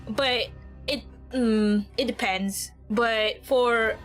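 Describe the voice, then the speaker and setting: Giggly high-voiced woman gaming. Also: fairly even intonation, drawn-out words, faint music behind. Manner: giggly, laughs often, rambling. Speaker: streamer playing a game. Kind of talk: casual gameplay commentary.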